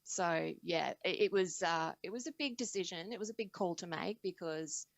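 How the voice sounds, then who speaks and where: A woman with a low, gravelly voice talks through her own path into singing as an interview guest. She sounds reflective and lively, and the recording is dry and close. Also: moderate pace, dry recording, poor audio. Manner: reflective, animated storytelling with laughs. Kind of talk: conversational interview.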